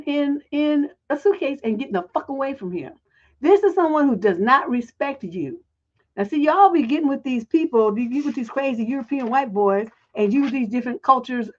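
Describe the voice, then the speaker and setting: Woman relationship coach, high voice, blunt profane ranting, dull lo-fi sound. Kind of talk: livestream advice show.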